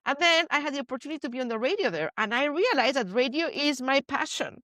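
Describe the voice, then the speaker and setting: A woman from Spain with a Spanish accent, hosting a podcast and telling stories in an animated, playful way. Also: high-pitched, fast talker, dry recording, clean studio sound. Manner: animated storyteller, playful asides. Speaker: podcast host. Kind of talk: casual chat.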